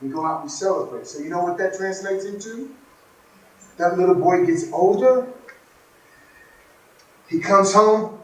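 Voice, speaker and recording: A man's voice: high-pitched, unhurried, long pauses. A man giving a motivational workshop talk, telling stories and asking the audience questions. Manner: storytelling, asks the audience questions. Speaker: workshop speaker. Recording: echoey room, distant mic.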